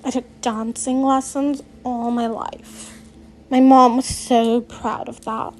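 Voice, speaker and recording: A woman's voice: on the high side, darkish tone, a little hiss or hum, rough recording. A woman reading aloud, voicing a teenage girl who has just lost her sight, earnest and wistful. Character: grieving teen girl, newly blind.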